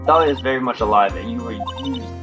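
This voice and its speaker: A man's voice: mid-range voice, quick pace, over music, lightly acted. A man voicing an earnest young defense attorney who questions in a pressing, direct way.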